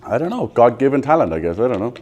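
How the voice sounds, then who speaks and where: A man's voice: medium pitch, big pitch swings, a little mellow, dull audio. An Irish man in his thirties leading a live sales training, firing questions at the room and answering bluntly, with some swearing. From Ireland. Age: 30s. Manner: quizzes the audience with rapid questions, blunt and profane.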